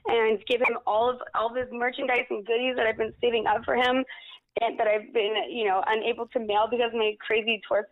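A woman's voice: on the high side, no echo, narrow, tinny audio. A woman guest on a podcast interview, talking casually in a gushing, emotional way and repeating herself.

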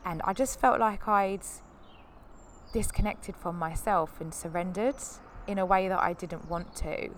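A woman in her thirties hosts a podcast, speaking candidly and at length in a rambling, heartfelt way. Her voice sits a little low, and it livens up whenever she acts out what someone said. A faint hiss of room ambience sits under her voice. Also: unhurried. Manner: candid, rambling, animated when quoting others. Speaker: podcast host. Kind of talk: personal storytelling.

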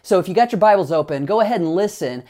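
A man's voice: sits high, expressive, fast talker, dark tone. A male pastor preaching a sermon in a conversational, emphatic way, with casual asides.

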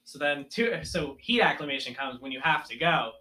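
A man's voice: on the high side, normal speed. A young man casually telling a story from his school sports days and acting out his coaches' lines. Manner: animated storyteller, acts out coaches yelling.

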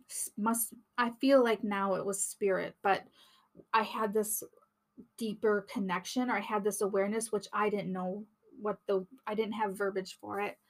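A woman hosting a podcast, telling her personal story in an earnest, reflective way, often restarting her sentences. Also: mid-range voice. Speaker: podcast host and healer.

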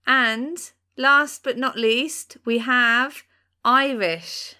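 A woman co-hosting a podcast, briskly leading the segment in casual chat. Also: a little high, bright, forceful tone. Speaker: podcast co-host.

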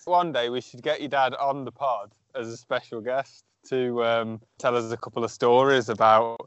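A man's voice: mid-range voice, fairly even intonation, normal speed, smooth, dry recording, muffled recording. A man co-hosting a podcast in casual chat, playful and teasing, stammering now and then. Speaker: podcast co-host.

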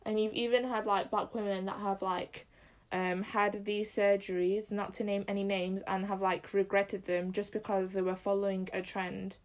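A woman's voice: mid-range voice, level tone, moderate pace. A young woman from Zimbabwe in casual chat as a podcast co-host, talking loosely with many fillers.

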